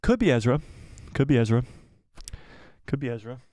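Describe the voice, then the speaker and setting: An excited man hosts a live stream and reacts to chat, breathless and repeating himself. His voice sits in an ordinary middle pitch. The sound is dry and close, with no room echo. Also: moderate pace. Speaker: host of a live watch party stream.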